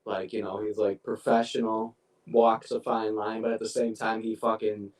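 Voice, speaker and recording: A man's voice: lowish voice, flat delivery, moderate pace. A man co-hosting a podcast in a loose, profane casual chat, laughing often. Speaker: podcast co-host. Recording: roomy echo from a distant mic.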